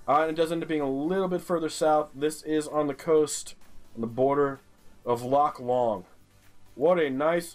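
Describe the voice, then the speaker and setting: A man with a New York accent commentating a geography guessing game, exasperated and swearing constantly as he rants at what he sees. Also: mid-range voice. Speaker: streamer playing a geography game. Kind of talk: profane gaming commentary.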